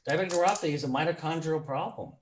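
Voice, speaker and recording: A man hosting an interview, talking in a relaxed, chatty way and laughing often. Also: fairly high pitch, very fast, a little hiss or hum. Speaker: podcast host. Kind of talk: casual interview chat.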